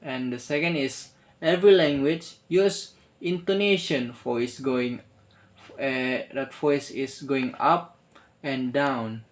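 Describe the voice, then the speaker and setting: Young male student, very slow, halting delivery, spoken homework. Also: mid-range voice. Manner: halting, many restarts and fillers. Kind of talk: spoken assignment answer.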